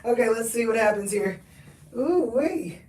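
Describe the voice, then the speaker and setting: Hosting a thrift haul livestream, this woman speaks at a measured pace in a fairly high, expressive, slightly mellow voice, chatting folksy with viewers and laughing as she calls them honey and y'all. Out of breath, she wanders from the camera mic, and the distant recording picks her up off-mic in an echoey room.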